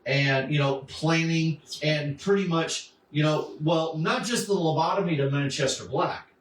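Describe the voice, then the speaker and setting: Man, casual podcast co-host, lively retelling, slightly high voice, roomy and off-mic. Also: unhurried. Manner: animated, acts out characters while retelling. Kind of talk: casual chat about comics. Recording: echoey room, mic at a distance.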